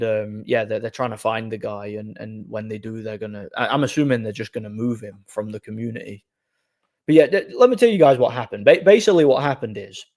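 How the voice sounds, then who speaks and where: Casual male streamer, mid-pitched voice, animated anecdote-telling to a live audience. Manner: animated, rambling anecdote with quoted dialogue. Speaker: livestream host.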